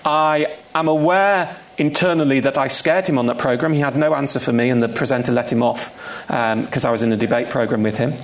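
A man's voice: mid-range voice, brisk, few pauses. A man speaking as a guest at a live on-stage conversation, emphatic and repeating key points for stress. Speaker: guest speaker, consumer finance campaigner.

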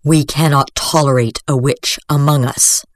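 A woman voicing a stern, shaken old master priest who speaks slowly and harshly. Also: sits low, steady tone, no echo. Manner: slow, harsh and grave.

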